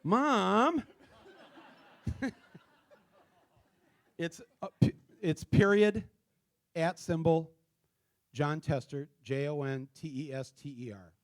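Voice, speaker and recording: A middle-aged man hosting a live town hall in a theater, talking casually with many fillers and restarts, and spelling things out slowly. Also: fairly high pitch, fairly even intonation, darkish tone. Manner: spells out addresses slowly letter by letter. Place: theater stage before a live audience.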